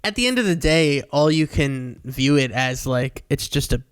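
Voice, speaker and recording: A man's voice: mid-range voice, animated, normal speed, a little hiss or hum. A young man co-hosting a podcast from his home, joking in a dry, playful way. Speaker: podcast co-host. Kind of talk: casual chat. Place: home in Queens.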